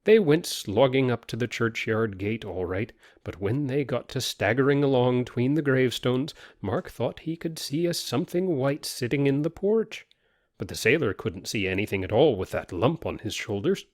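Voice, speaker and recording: A man reads a folk tale aloud in a folksy rustic dialect. His pitch rises and falls a lot, and the voice sounds dry and close to the mic. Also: normal speed, no room sound. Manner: lively rustic dialect storytelling. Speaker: narrator. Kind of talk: storytelling reading.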